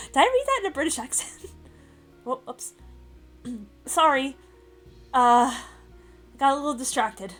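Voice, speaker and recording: A woman's voice: high-pitched, very animated, unhurried, long pauses, a bit bright, faint music behind. A woman streamer reading a visual novel aloud, breaking off into giggly, playful asides. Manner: giggly, playful asides between read lines.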